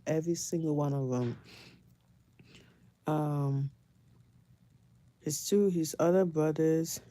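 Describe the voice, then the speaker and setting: A middle-aged woman chats through family stories, laughing often and full of gossipy energy. Her voice is fairly low and warm, with a mellow tone. The sound is dry and close. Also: no echo. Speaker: family vlogger. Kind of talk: casual storytelling.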